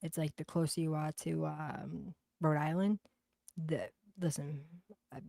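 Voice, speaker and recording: A woman's voice: low-pitched, measured pace, vocal fry, dark tone, no echo, clean studio sound. A woman from New Bedford with a Boston accent, a livestream host chatting casually and bluntly with viewers, swearing and gossiping as she reads comments. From New Bedford, Massachusetts.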